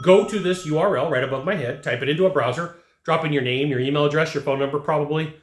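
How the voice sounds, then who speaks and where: A man's voice: a little high, fast talker. A man teaching a sales lesson straight to camera, emphatic and repeating phrases to hammer points home. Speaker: sales trainer. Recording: echoey room.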